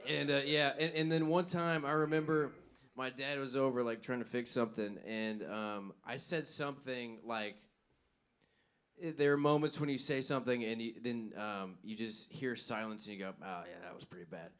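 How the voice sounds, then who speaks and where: A man's voice: mid-range voice, steady tone, normal speed, a bit bright, clean tone. A young man co-hosting a live comedy podcast, telling crude, rambling stories and laughing at his own jokes. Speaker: podcast co-host. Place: live venue stage.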